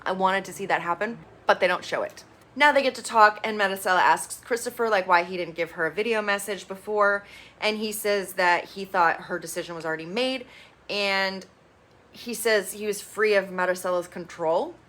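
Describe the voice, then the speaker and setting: A woman recapping a reality show in a casual, blunt and expressive way, swearing freely. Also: medium pitch, normal speed. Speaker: TV reviewer.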